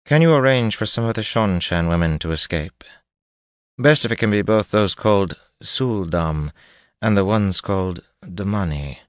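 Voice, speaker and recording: A man voicing a cool, scheming noblewoman who speaks smoothly and primly in an audiobook reading. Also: fairly low pitch, animated, moderate pace, dry recording, clean studio sound, pitched above the performer's own voice, natural voice. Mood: cool, probing.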